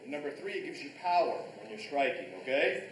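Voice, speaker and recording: A man teaching a live karate class, barking short commands and shouting counts, recorded in a restaurant event space from a distance. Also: a little high, animated, fast talker, a little hiss or hum. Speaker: martial arts instructor. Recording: echoey room, picked up from far off.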